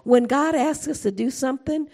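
A middle-aged woman preaching a sermon in an animated way, acting out quotes and laughing often. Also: high voice, normal speed.

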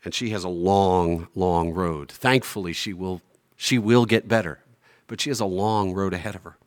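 Pastor guy preaching, slows way down on the big lines, loud then soft. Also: low-pitched. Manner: emphatic, slows down on key phrases; swings between loud declarations and quiet asides. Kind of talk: sermon.

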